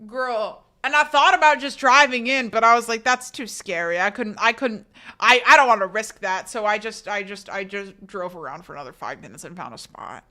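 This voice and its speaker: Bright-voiced young woman streamer, animated chat. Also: on the high side, brisk. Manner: animated, swearing, rambling storytelling. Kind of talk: casual live-stream chat.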